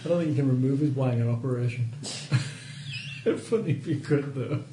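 A man's voice: mid-range voice, moderate pace. A man joking crudely during casual tabletop banter. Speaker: tabletop game player. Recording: roomy, distant mic with noise.

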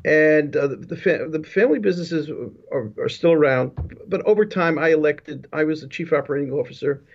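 A man's voice: a little high, fairly quick. A man telling his life story as an interview guest over a remote video call, rambling with frequent restarts and asides. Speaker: guest, business leadership consultant. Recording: dull lo-fi call audio.

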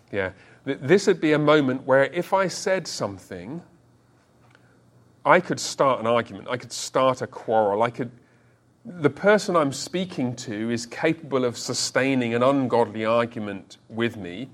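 Man, 40s, pastor, sermon, mid-range voice, self-deprecating storytelling, halting restarts. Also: mid-range voice, expressive. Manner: halting restarts, repeats words.

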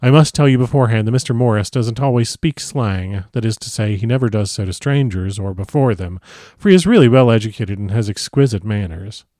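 A man reading a classic novel aloud in a gentle, expressive storytelling manner. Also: fairly low pitch, a little fast, no room sound, studio quality. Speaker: audiobook reader.

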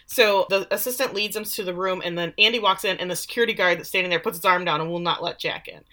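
A woman's voice: fairly low pitch, fast, pushed and bright. A woman co-hosting a podcast, recapping a TV episode in casual chat with sarcastic asides and lots of fillers. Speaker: podcast co-host.

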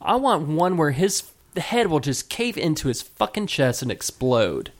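A woman's voice: low-pitched, moderate pace. A woman co-hosting a podcast, ranting in profane political banter and laughing often. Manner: animated, swearing, laughing often.

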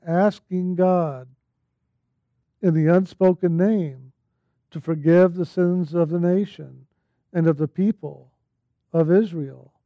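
A man giving an earnest spiritual talk, speaking slowly and now and then breaking into loud, laughing exclamations. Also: high-pitched, no echo, lo-fi sound. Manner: slow, earnest, bursts into yelling quotes and laughter. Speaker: spiritual teacher.

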